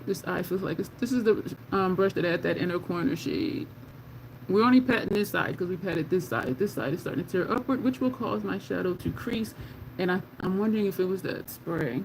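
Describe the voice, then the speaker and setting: A woman's voice: on the low side, a little fast, vocal fry, slight background noise, poor audio. A woman beauty vlogger in casual chat while doing her makeup, answering viewer comments and laughing often.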